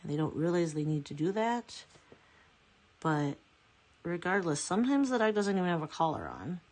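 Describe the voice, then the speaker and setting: A woman's voice: fairly low pitch, sing-song, moderate pace, darkish tone. A woman chatting casually as a nail art vlogger at home, rambling and correcting herself as she goes. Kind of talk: casual chat.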